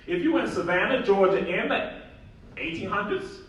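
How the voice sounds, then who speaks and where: A man speaks to a conference audience with emphatic, animated delivery, stressing and repeating his key points. His voice sits a bit high. He is picked up from a distance, and a heavy echo from the large hall surrounds every word. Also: normal speed, a little hiss or hum. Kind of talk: public lecture. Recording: very echoey hall, voice from far off.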